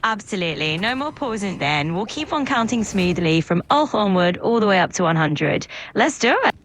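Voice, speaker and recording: Chirpy, lively AI assistant woman. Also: mid-range voice, normal speed, slight background noise. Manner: upbeat, agreeable, stalling and repeating itself. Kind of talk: synthetic assistant chat.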